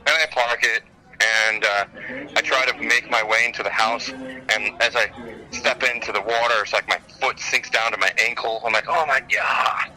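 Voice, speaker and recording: A man co-hosting a podcast, calling in by phone from an airport and telling a story in an animated way. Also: mid-range voice, normal speed, rough recording. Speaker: podcast co-host. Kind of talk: casual storytelling chat.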